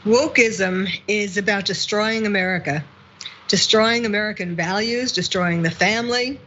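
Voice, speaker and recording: A woman's voice: medium pitch, normal speed, a bit bright, highs cut off, slight background noise. Emphatic woman testifying at a hearing. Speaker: hearing witness.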